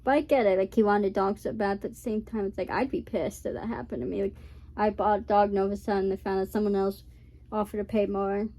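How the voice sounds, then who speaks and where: A woman's voice: mid-range voice, steady tone, quick pace, mellow. A young woman hosting a reaction video, rambling in casual chat full of fillers.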